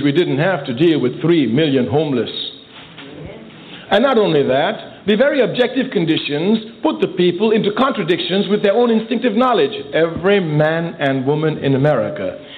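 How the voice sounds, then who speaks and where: Man giving a fiery political speech, kinda high voice, sounds like it's over a phone. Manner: emphatic, rhetorical, building repetition. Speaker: political speaker. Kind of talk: oratorical speech. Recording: tinny phone-like archive speech.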